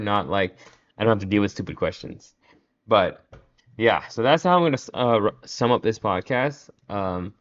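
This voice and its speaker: A man's voice: on the low side, muffled recording. Rambling man podcasting solo. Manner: rambling, frustrated, laughs often, filler "like". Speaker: podcast host. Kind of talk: casual solo podcast monologue.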